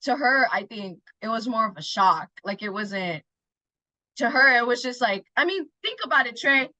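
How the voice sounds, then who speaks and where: Woman, guest, blunt and teasing, high bright voice, dry close sound. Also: expressive, no echo, rough recording. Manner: blunt, teasing, quick to push back. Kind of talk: casual movie chat.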